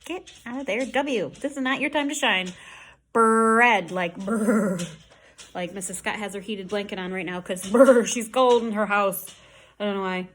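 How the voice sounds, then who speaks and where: A woman teaching an online lesson from home, speaking slowly and modeling speech sounds with exaggerated care. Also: medium pitch.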